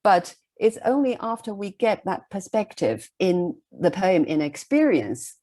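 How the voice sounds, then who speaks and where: A middle-aged woman giving a recorded literature lecture, explaining a poem in a measured way and often checking in with "okay?". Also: medium pitch, sing-song, mellow.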